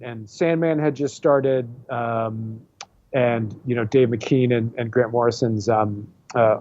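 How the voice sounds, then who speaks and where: A man's voice: mid-range voice, dark tone, no echo, muffled recording. A man in his forties, a comic book artist and writer guesting on an interview show, talking casually with many fillers and restarts. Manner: rambling, self-deprecating, many fillers and restarts.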